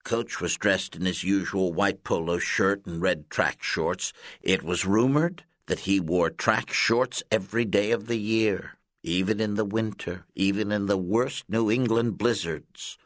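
A man narrating a children's audiobook in a deliberate, expressive storytelling manner, recorded close on a studio mic. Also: lowish voice, no echo.

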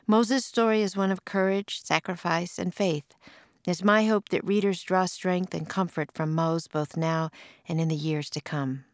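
A woman's voice: lowish voice, a little slow, dry recording. Woman reading a storybook, dry and close. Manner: expressive, puts on voices for quoted lines. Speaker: author and narrator. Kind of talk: storybook read-aloud.

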